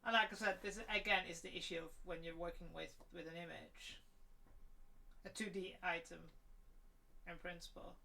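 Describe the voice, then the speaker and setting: A woman's voice: on the low side, steady tone, moderate pace, vocal fry, pauses often, pushed and bright. A woman chatting casually while she works on a craft build, thinking aloud and trailing off, with the hiccups. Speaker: cosplay crafter streaming her build. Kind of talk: casual working commentary.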